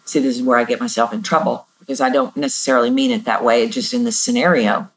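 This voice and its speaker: A middle-aged woman hosts a podcast, giving fast, casual voice coaching in a teaching monologue. She jumps her pitch up and down to act out her examples.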